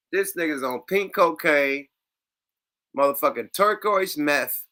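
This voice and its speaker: A man's voice: medium pitch, moderate pace. A man hosting a reaction show, talking in loose, profane casual commentary with street slang. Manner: animated, laughs loudly, loose street slang. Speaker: show host reacting to clips.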